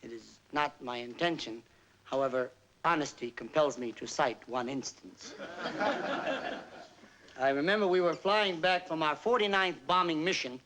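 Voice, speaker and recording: A man's voice: a little high, moderate pace, noisy background, lightly acted. An actor playing a self-mocking male entertainer just home from army service, telling a wry story with comic timing in a 1950s film stand-up monologue. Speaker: stage entertainer.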